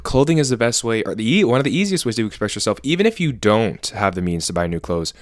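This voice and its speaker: A man's voice: lowish voice, big pitch swings, fast talker, no echo, studio quality. A man vlogging casually about fashion, chatty and opinionated, rambling with self-corrections. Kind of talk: casual talking-head vlog.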